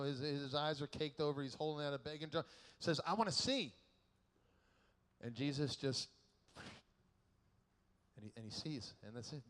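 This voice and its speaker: A man giving a keynote sermon at a youth conference, telling stories in an animated, joking way and acting out the people in them. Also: medium pitch. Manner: animated, joking storyteller who acts out quotes. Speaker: keynote speaker. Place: large conference hall. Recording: echoey large hall.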